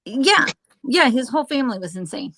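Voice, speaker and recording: A woman hosting a casual true-crime chat, halting with fillers and restarts and dropping sarcastic asides. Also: on the high side, sing-song, bright, forceful tone, no room sound, low-quality recording. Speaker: host.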